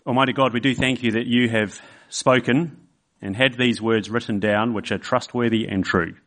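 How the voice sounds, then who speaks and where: A man's voice: mid-range voice, steady tone, normal speed, fairly bright tone. A man preaching a sermon in a church service, conversational, with fillers and restarts. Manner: acts out quoted voices in an illustration.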